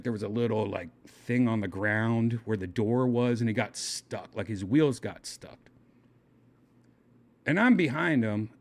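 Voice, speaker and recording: A man hosting his own podcast tells a story in a casual, animated way, often leaping higher in pitch to act out the people in it. He laughs at his own crude jokes as he goes. His voice sits in a middle pitch. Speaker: podcast host.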